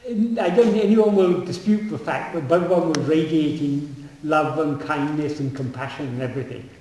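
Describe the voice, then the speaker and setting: A man speaking on spiritual teachings and answering audience questions, often pausing and repeating words as he thinks. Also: fairly high pitch, warm tone, a little hiss or hum. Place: meeting room. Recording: echoey hall, far from the mic.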